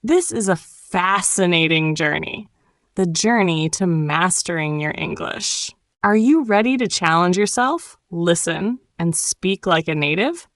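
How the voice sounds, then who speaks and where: A woman giving a scripted, encouraging English lesson in a calm, clearly enunciated way. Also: lowish voice, dry recording, clean studio sound. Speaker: English teacher. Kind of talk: scripted motivational narration.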